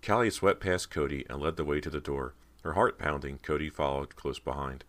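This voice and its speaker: Very deep-voiced male audiobook narrator. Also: brisk, fairly bright tone.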